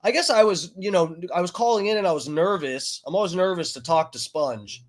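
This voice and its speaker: A man's voice: high voice, brisk. A man streaming, telling a long story in a profane, rambling way with many fillers and restarts. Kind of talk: casual ranting story.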